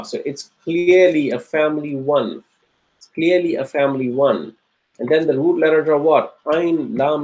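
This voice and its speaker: A man with a mid-range voice teaches an Arabic grammar lesson, captured on a low-quality recording. He says each word slowly and repeatedly and checks in with students by asking questions.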